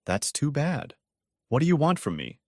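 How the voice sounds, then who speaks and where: A man's voice: fairly high pitch, big pitch swings, normal speed, a little mellow, dry recording, clean studio sound, pitched above the performer's own voice. A man playing a bitter heartbroken mechanic. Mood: cold. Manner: bitter, ranting, clipped. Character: bitter, heartbroken male mechanic, cold then angry.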